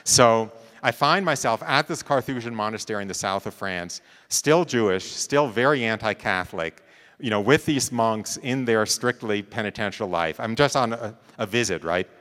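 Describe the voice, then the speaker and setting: A man's voice: on the low side, expressive, normal speed, fairly bright tone, big-room sound. A man giving a talk, telling a personal story in a conversational way and often checking in with his listeners. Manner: conversational, checks in with "right?" and "you know".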